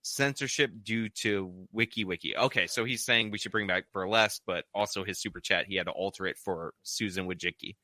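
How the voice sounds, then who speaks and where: A man with a bright, forward voice hosts a relaxed live stream, reading viewer messages aloud and padding them with casual fillers. The sound is dry and close, with no room around it. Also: low voice, brisk, few pauses, no echo. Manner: reads donor messages aloud with many "like" fillers. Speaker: streamer reading super chats.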